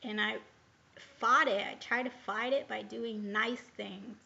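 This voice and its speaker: A woman talks to her camera in a loose, rambling way, circling back on herself with lots of fillers. Her voice sits a bit high and has a gravelly fry running through it. The recording is dull and lo-fi. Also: steady tone, measured pace, sharp tone. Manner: rambling and candid, full of hesitations and "like". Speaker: vlogger. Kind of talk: casual personal storytelling to camera.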